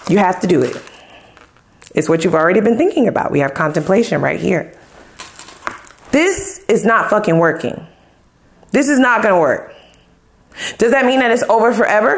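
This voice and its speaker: A woman's voice: medium pitch, normal speed, pauses often, reverberant, slight background noise. A woman giving a casual tarot reading to camera, talking bluntly in heavy slang and swearing freely. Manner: blunt, profane, slangy and animated. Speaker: tarot reader.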